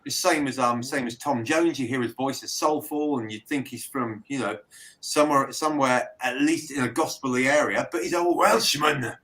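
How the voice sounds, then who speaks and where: A man's voice: medium pitch, moderate pace, a bit bright, poor audio. A man from Britain, a band member chatting casually and telling stories with a laugh. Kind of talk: casual chat.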